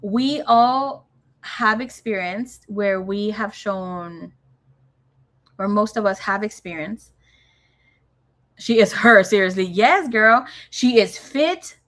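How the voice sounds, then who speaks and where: A woman's voice: mid-range voice, slow, a bit bright. A young woman giving a casual tarot reading, chatty and swearing freely, with Spanish phrases dropped into her talk. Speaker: tarot reader.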